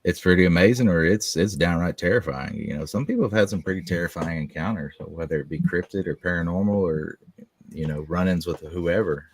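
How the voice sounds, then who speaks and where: A man guest on a podcast, talking casually, halting and repeating himself, with lots of "you know". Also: low-pitched.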